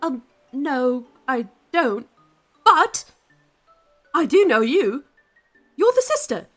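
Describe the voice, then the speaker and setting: A woman voicing a polite, eager wooden boy who talks brightly and a little nervously. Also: high voice, sing-song, slow, soft background music, voice pushed up, heavily acted. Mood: earnest.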